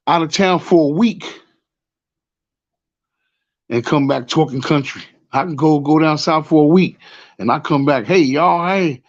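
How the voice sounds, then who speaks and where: A man's voice: fairly high pitch, darkish tone, dull audio. A man with a New York accent telling a rambling story in casual talk, often repeating "you know what I'm saying.". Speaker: show host.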